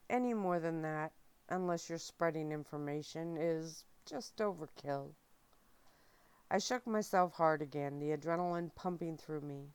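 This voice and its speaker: Slow, low-voiced woman reading softly. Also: clear, resonant tone, no room sound. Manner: soft, steady, unhurried narration. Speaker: audiobook reader. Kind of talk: soft ASMR book reading.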